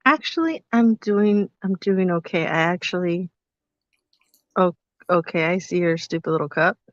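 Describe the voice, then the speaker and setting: A woman's voice: fairly low pitch, normal speed, no echo. Teasing chatty woman, muffled dry audio. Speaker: podcast co-host. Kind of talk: casual storytelling chat. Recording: slightly muffled, dry sound.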